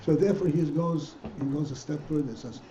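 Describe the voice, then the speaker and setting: A man with a fairly high, dark-toned voice talks fast while teaching Hasidic texts as rabbi. He frequently stops, restarts, and poses rhetorical questions to students; faint noise and a dull, echoey room color the recording.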